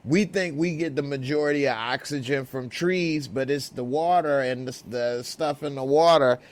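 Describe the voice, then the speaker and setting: A man hosting a TV review podcast in casual chat, with a slow drawl and animated asides. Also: medium pitch.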